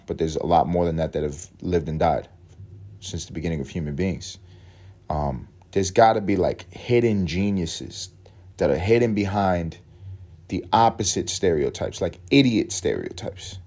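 A man's voice: deep voice, expressive, normal speed, warm tone. A man hosting a solo podcast, musing aloud in a profane, rambling way and laughing often. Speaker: podcast host.

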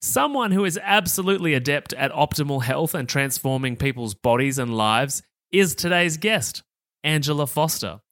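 A man's voice: on the high side, expressive, moderate pace, few pauses, a bit bright, dry recording, studio quality. A man hosting a health podcast interview in an upbeat, chatty way, laughing easily. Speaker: podcast host.

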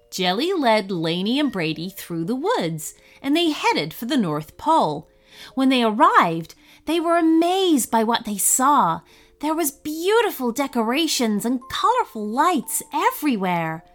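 A woman narrating a children's Christmas story in an expressive storybook reading. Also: high voice, measured pace, faint music behind.

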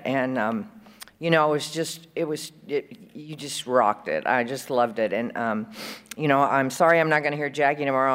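Chatty woman speaking in a big hall. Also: very deep voice. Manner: chatty, rambling, fond, with frequent fillers and laughs. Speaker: conference speaker. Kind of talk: recovery share at a conference. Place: conference hall.

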